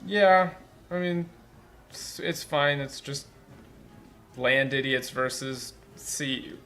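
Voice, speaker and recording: A man's voice: mid-range voice, slow pace, pushed and bright, faint music behind. A man commenting on a game's translation in a rambling, incredulous way, full of fillers. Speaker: gameplay commentator. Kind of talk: game localization commentary.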